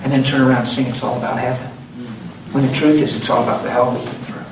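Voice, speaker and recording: A man's voice: medium pitch, little pitch movement, fast talker. Preacher guy telling a story in a sermon, pretty emphatic, roomy church sound w/ noise behind. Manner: emphatic storytelling, acting out quotes. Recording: roomy hall, distant mic, background noise.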